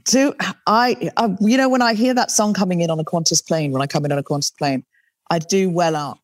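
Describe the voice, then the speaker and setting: A woman's voice: on the low side, brisk, dry recording. Chatty British-accented woman, dry sound. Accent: British with a faint Australian trace. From Australia. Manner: animated, self-deprecating, chatty. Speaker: comedian and podcast host, guest. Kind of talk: casual interview talk.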